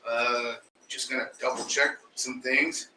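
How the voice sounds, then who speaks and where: A man co-hosting a casual chat show, loud and excitable, swearing freely. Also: medium pitch, a little slow. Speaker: co-host. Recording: roomy and distant with faint noise.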